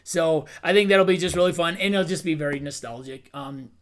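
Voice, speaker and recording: Middle-aged male host, light voice, relaxed rambling delivery. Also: fairly high pitch, fairly quick. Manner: easygoing, rambling with fillers and repeats. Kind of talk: casual chat.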